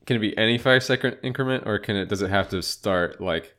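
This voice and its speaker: A man with a fairly low voice chats casually as a podcast co-host. His manner is dry and offhand, moving easily from remark to remark. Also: quick pace, fairly bright tone. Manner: dry, offhand, reads aloud in a mock announcer voice. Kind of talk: casual chat.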